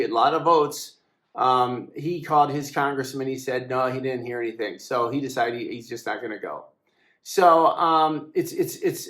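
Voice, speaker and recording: A man's voice: on the high side, fairly bright tone, reverberant. A man, founder and editor of a website, talking casually and hesitantly, with many fillers and restarts, in an aggrieved, complaining way. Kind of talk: casual monologue to camera.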